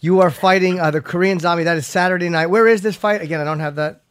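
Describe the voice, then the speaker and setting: A man hosting a radio interview, asking questions quickly and stumbling over his words. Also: high-pitched, steady tone, heavy background noise. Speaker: radio host.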